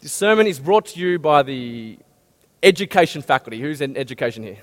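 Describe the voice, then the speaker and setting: Pastor guy preaching, lots of questions to the crowd, swoopy lively voice, echoey big hall. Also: on the high side, a little fast. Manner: animated, asks the audience many questions. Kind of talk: sermon. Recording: long hall reverb.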